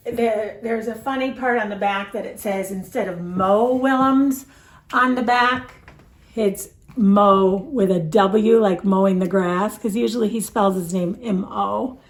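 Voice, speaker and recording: Gentle kindergarten teacher woman. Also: mid-range voice, measured pace, echoey room. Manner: gentle, coaxing, sing-song. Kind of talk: teaching kids over video.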